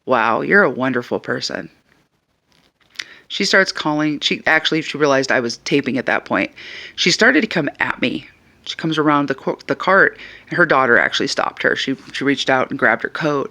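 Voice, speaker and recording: Gravelly, bright-voiced man telling a story. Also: mid-range voice. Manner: animated, exasperated retelling. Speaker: vlogger. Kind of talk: casual storytelling.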